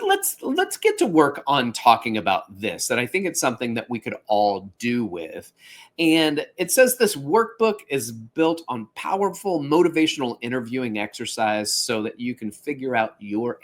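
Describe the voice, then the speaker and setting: Animated man hosting a fitness podcast. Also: medium pitch. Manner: animated, conversational, with playful asides. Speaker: podcast host. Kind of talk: casual podcast monologue.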